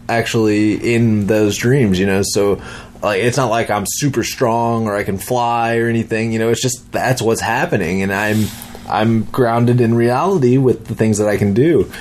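At a measured pace and on the low side, a young dad narrates a vivid dream in casual fashion. The story rambles, he swears throughout, and his lively telling includes several restarts.

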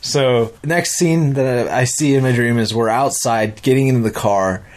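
Man, casual storyteller, mid pitch, animated and profane. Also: normal speed. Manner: animated, rambling, profane, acts out quotes.

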